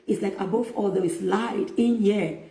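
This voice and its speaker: A middle-aged woman giving a faith-based self-help talk as a motivational speaker, speaking slowly and emphatically with preacherly repetition. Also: mid-range voice, dark tone. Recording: echoey room.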